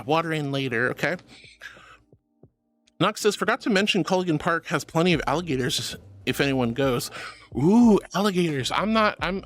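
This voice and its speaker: A woman streaming live, chatting playfully and theatrically with her chat and reading their messages aloud. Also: medium pitch.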